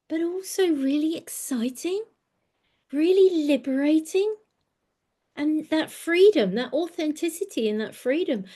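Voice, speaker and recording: A woman's voice: high-pitched, a little mellow. A woman in her sixties giving an earnest, reflective talk on personal growth, often repeating words as she gathers her thoughts. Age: 60s.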